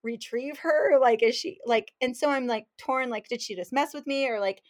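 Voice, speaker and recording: Woman guest, lively storyteller, slightly high voice, acts out the dialogue. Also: moderate pace. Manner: animated, acts out quotes, laughs while telling. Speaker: fishing guide, podcast guest. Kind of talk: casual storytelling.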